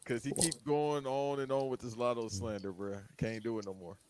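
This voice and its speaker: A man's voice: mid-range voice, steady tone, normal speed, darkish tone, slight background noise. A man co-hosting a podcast, chatting in a laid-back, joking way. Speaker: podcast co-host. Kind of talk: casual podcast banter.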